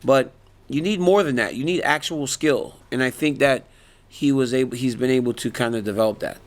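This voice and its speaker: A man's voice: medium pitch, fairly quick. A man in his forties, an MMA fighter, answering reporters in a casual media interview, telling stories with lots of laughter. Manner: animated storytelling, laughs often.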